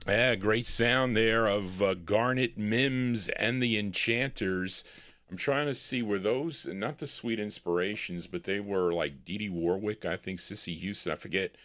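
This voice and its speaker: A man's voice: lowish voice, a little slow, fairly bright tone, dry recording. A man hosting a live oldies record show, rambling between songs with many fillers and self-interruptions. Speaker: radio-style show host and DJ.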